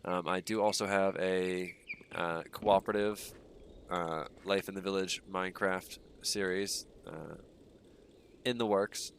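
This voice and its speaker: At a measured pace and in a low-pitched voice, a young man with a stuffy nose chats casually while streaming a game. He's laid-back and rambling, often saying um and uh, with slight background noise present.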